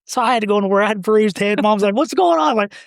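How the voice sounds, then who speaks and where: Guy rambling thru family stories, halting, dry close sound. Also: sits high, little pitch movement, fairly bright tone, clean tone, no room sound. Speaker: podcast guest. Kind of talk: casual storytelling.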